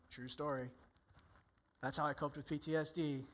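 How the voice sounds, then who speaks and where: Candid conversational pastor, fairly high man. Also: normal speed, pauses often. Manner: candid, acts out inner voices in quotes. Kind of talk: conversational sermon. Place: church.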